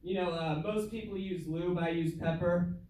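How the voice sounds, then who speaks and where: A man's voice: high voice, steady tone, normal speed, background noise. A young man performing a casual, self-deprecating stand-up comedy set in a comedy club, laughing at his own jokes. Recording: echoey room heard from far off.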